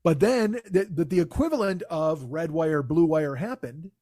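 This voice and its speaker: A man in his forties with a fairly high voice rants through a comic story, swearing freely and sounding fed up. The sound is dry and close, with no room around it. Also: moderate pace, mellow, dry recording. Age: 40s. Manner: profane, exasperated storytelling. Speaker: comedian podcast host. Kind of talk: casual comedic rant.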